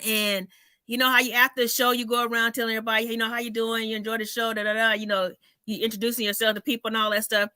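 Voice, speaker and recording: High bright-voiced woman comedian. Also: very fast, dry recording. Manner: animated storyteller, acts out voices, swears freely. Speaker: comedian hosting a chat. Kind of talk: casual chat.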